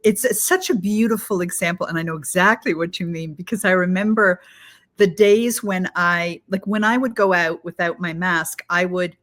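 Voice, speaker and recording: A woman's voice: fairly low pitch, moderate pace, fairly bright tone. A woman hosting an interview, restarting her sentences as she works out her questions. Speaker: podcast host. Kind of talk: interview conversation.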